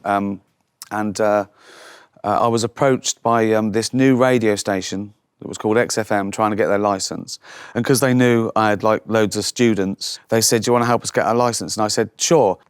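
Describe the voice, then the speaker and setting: A man's voice: fairly low pitch, fairly even intonation, moderate pace, smooth, dry recording, clean studio sound. A man, telling anecdotes in a casual chat and acting out other people's voices. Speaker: guest comedian.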